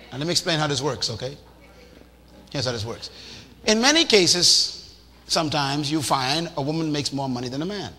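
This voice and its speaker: A man preaching a sermon in a lively, animated way, acting out little scenes and shouting for emphasis. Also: fairly high pitch. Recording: reverberant hall with faint noise.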